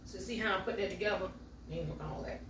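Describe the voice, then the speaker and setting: A woman's voice: mid-range voice, fast, a bit bright, a little hiss or hum. A middle-aged woman, chatting to her viewers as she bakes in her home kitchen. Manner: chatty, talks straight to viewers as y'all. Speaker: home baking vlogger. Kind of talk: casual chatty vlog while baking. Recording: echoey kitchen, mic from far off.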